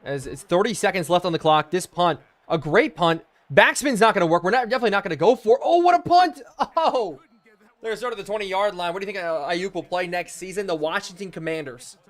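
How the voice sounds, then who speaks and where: A young man streaming a football video game live, calling plays, shouting in excitement and thanking chat. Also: high voice. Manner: excitable, bursts into loud exclamations, thanks viewers rapidly. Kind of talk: live stream commentary while reading chat.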